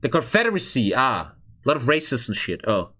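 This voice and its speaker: Animated European man reacting on stream. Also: medium pitch, brisk, slightly rough. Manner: swearing, blunt, thinks aloud and reads chat. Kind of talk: casual reaction commentary.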